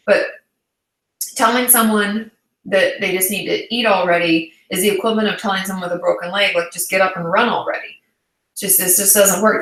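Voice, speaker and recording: A woman in her thirties talks through viewer questions in a relaxed, reassuring livestream chat. Her voice is bright and clear. The room around her rings with a noticeable echo. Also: mid-range voice. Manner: chatty and reassuring, many "um"s and "like"s. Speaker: therapist and channel host.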